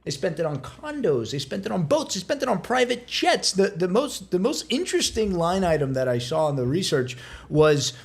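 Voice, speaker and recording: A man co-hosting a podcast in casual chat, telling a story emphatically with lively stress. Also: high voice, moderate pace, vocal fry. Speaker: podcast co-host.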